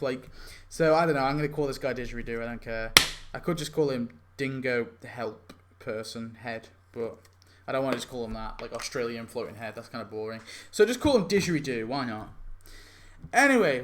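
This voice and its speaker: A young man talking casually through a mobile game event idea, rambling with lots of "like" and self-corrections. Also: medium pitch. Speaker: game YouTuber. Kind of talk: casual commentary on a game concept.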